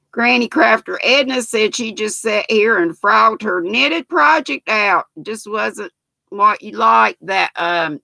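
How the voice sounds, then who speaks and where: Gravelly slow Southern woman in her sixties. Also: mid-range voice, sharp tone, dry recording. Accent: Southern American. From North Carolina, US. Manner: folksy and chatty, greets viewers by name. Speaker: livestream host. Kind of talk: casual live chat, reading viewer comments aloud.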